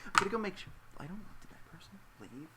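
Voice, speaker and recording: A man's voice: high voice, sing-song, fast, heavy background noise. A young man hosting a casual interview podcast, talking in a playful, joking way. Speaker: podcast host; English teacher. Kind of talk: casual chat.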